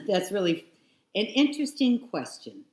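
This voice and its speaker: A woman's voice: mid-range voice, sing-song, unhurried, a little mellow, roomy sound. A woman in her sixties, a guest telling her own story frankly and reflectively, sometimes repeating herself. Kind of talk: candid personal storytelling.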